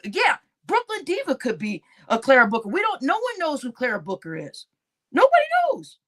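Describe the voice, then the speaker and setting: A woman hosting a casual livestream, chatting with her audience, laughing often and swearing as she reads comments. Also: sits high. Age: adult, grown-up. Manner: animated, laughing, swearing, addresses chat as y'all. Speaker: livestream host.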